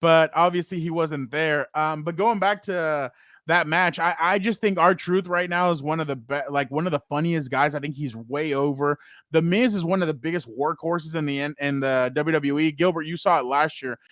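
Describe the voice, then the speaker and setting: A young man co-hosting a sports chat. His voice sits slightly high for a man and jumps higher when he gets worked up or acts out someone else's line. The recording is close and dry. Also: normal speed, dry recording. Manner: excitable, laughs while retelling stories; acts out other people's lines in a raised voice. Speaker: podcast co-host.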